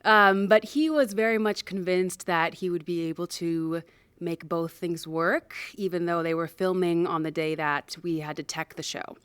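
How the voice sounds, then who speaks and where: A young actress and producer tells a chatty story about mishaps during a show's production. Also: female voice, on the low side, fairly even intonation, moderate pace, fairly bright tone, smooth, no room sound. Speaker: actor and producer. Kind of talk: casual anecdote to camera.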